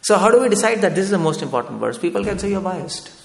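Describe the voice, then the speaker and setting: A man's voice: sits high, very animated, quick pace, gravelly. A man preaching a discourse in a temple hall, questioning his listeners step by step and often asking them to agree. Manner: asks the audience for agreement with "no?". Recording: echoey hall with long reverb.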